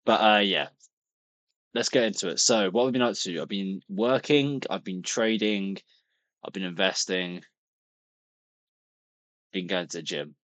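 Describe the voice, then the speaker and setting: A man's voice: low voice, a little slow, pauses often, a bit bright, dry recording. A young man, talking casually to camera in a rambling, chatty vlog, full of restarts and the odd swear. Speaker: vlogger.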